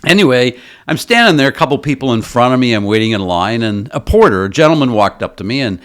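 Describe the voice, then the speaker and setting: A male business coach tells a story in a motivational talk. His voice sits at an ordinary middle pitch but swings up and down with a lot of life. He keeps asking his listeners rhetorical questions. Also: animated, quick pace, a bit bright.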